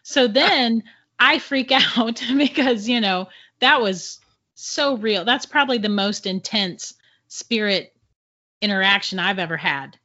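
Bright-voiced woman telling a ghost story. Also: medium pitch, unhurried. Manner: animated, laughs often between sentences. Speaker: podcast guest. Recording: dull lo-fi audio.

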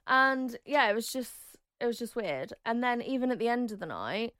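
A woman in her thirties, a guest telling her story in an interview, chatty and animated, acting out quotes with sudden high squeals. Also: normal speed, clear, resonant tone, no echo, studio quality.

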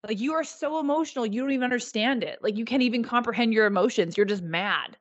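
A woman's voice: fairly high pitch, fast talker, dry recording, dull audio. Fired-up swearing woman, dry sound. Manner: heated, swearing, animated ranting. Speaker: podcast co-host. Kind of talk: casual chat.

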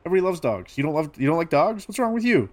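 A man's voice: fairly high pitch, big pitch swings, racing, a little mellow. A man playing a tabletop game in character, playful and defensive. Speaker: player.

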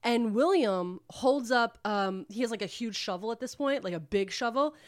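A woman's voice: fairly high pitch, moderate pace. A woman co-hosting a podcast, retelling a book plot in a rambling, casual way with lots of filler words and swearing. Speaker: podcast co-host. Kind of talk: casual book recap chat.

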